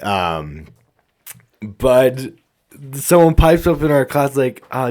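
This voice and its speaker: Young guy on a podcast telling funny school stories, lively, mid-range voice. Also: mid-range voice, slow pace, pauses often. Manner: animated storyteller, acts out quotes. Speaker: podcast co-host. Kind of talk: casual chat.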